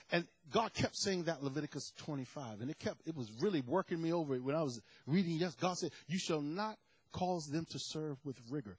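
Male preacher, high husky voice, builds to impassioned shouting. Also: a little fast, no room sound, poor audio. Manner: rises to shouted, fervent preaching. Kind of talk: sermon.

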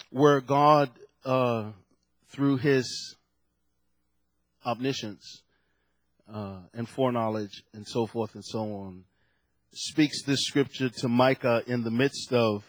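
A man's voice: mid-range voice, no echo. A man preaching a sermon at a lectern to a congregation, telling stories with animation and acting out the voices in his quotes.

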